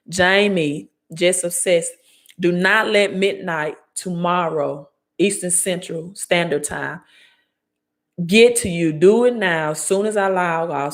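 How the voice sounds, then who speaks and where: A woman in her forties with a Southern Mississippi accent, giving an emphatic, preachy live-stream talk on money and business, repeating her key points. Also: lowish voice. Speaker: credit and finance coach. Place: home, live video.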